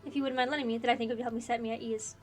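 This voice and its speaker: A woman's voice: on the high side, level tone, rapid-fire, a little hiss or hum, close to an everyday voice. A woman voicing a formal knight captain. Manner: polite, formal. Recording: faint game music behind.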